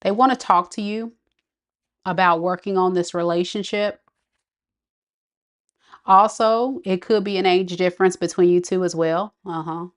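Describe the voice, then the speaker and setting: A woman's voice: on the low side, fairly even intonation, a little slow, long pauses. A woman giving a live tarot reading, talking casually and reacting to viewer comments. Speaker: tarot reader.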